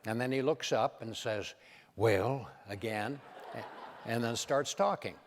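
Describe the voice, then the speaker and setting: An older man, a comedian and impressionist, telling anecdotes on stage with an animated, punchline-driven delivery. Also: mid-range voice, moderate pace, big-room sound, slight background noise. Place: event stage in a large hall.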